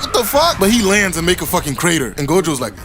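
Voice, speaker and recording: A man giving a profane, animated, comedic anime recap commentary with laughing asides. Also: high-pitched, fast, over music.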